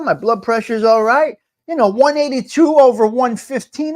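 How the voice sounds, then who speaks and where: An older man hosting a live morning talk stream. He talks loudly and emphatically, greets chat viewers by name and repeats his points for effect. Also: extremely high pitch, lively intonation, normal speed. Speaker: livestream host.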